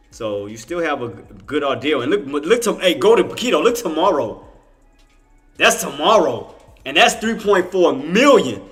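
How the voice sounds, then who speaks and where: Here's a Louisiana man with a Cajun accent excitedly riffing on stock trades during a livestream, heavy on Southern slang and always correcting himself. His voice leans high.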